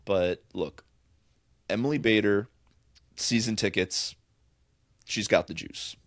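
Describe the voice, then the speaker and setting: A man's voice: on the low side, takes it slowly, dry recording, clean studio sound. A man co-hosting a podcast, rambling enthusiastically about films in casual chat with lots of fillers. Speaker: podcast co-host.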